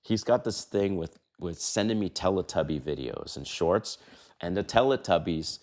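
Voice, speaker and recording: A man's voice: low-pitched, expressive, moderate pace, a little mellow. A middle-aged man giving dating advice in a casual vlog monologue, blunt and profane, acting out other people's voices as he tells stories.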